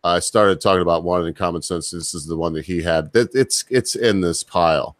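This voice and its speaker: Low-voiced man reading news wryly. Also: fairly quick, dry recording, studio quality. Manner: chuckling, wry asides. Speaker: host. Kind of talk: casual commentary, reading news aloud.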